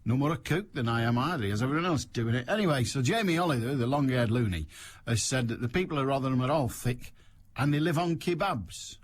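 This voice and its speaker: A male radio phone-in host speaks into a studio mic in a husky, slightly rough voice. His pitch swings widely as he rambles, and his delivery stays sarcastic and mocking throughout. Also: animated, fast. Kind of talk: sardonic radio monologue.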